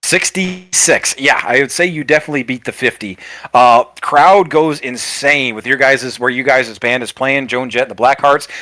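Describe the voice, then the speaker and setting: A man's voice: medium pitch, normal speed, sharp tone, no room sound. A man narrating as game master of a tabletop game, rambling with frequent fillers and restarts.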